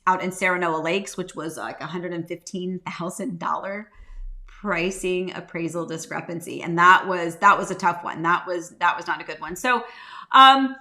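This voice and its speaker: A woman realtor hosting a casual live-stream chat, rambling warmly and greeting viewers by name. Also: fairly low pitch, normal speed. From United States. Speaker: realtor and live show host.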